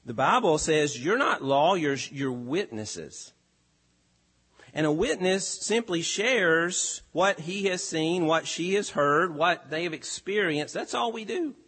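A pastor delivering a sermon, with an earnest, emphatic delivery that rises and falls. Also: male voice, on the high side, animated, slow pace, fairly bright tone, slightly rough. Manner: earnest, emphatic preaching with rising and falling delivery.

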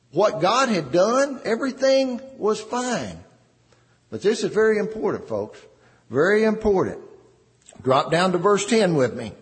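Slow, animated male preacher in a reverberant hall. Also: high-pitched. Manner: slow, emphatic preaching with dramatic pauses. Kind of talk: sermon.

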